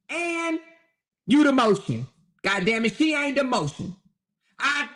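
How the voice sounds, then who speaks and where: A woman's voice: sits high, a bit bright. A woman mocking a bitter, ranting ex-husband. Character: bitter spiteful ex-husband, middle-aged man, self-pitying. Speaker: commentary host. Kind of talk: satirical commentary role-play.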